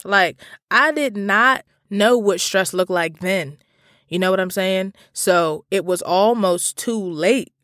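A man telling a story straight to his listeners in a casual, profane, slangy monologue that swings between animated rants and calmer reflection. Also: high voice, no echo, clean studio sound.

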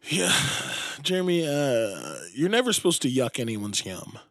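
A man's voice: medium pitch, sing-song, unhurried, creaky, a bit bright, no echo, clean studio sound. A man co-hosting a podcast, rambling crudely and laughing often in casual comedic chat. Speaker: podcast co-host.

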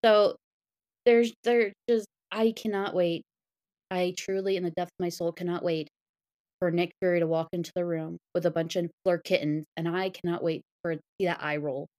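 A young woman co-hosting a podcast in casual chat, expressive and acting out imagined dialogue. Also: lowish voice. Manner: expressive, acts out imagined dialogue in quick voices. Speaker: podcast co-host.

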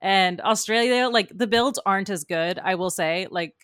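A woman co-hosting a podcast, chatting casually and animatedly about TV shows with quick asides. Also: medium pitch, a bit bright, dry recording, studio quality. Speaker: podcast co-host.

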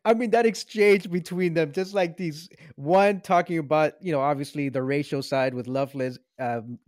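A man co-hosting a casual movie podcast, arguing his points in an animated, mock-serious way and laughing often. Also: a little high, moderate pace, no echo, clean studio sound. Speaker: podcast co-host. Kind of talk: casual movie review chat.

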